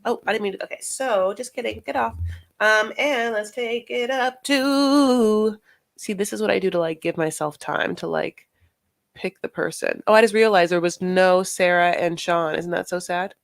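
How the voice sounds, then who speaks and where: A woman's voice: mid-range voice, normal speed, gravelly. A woman co-hosting a podcast, recapping a reality show in a rambling, playful way with many fillers. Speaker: podcast co-host. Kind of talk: casual reality TV recap chat.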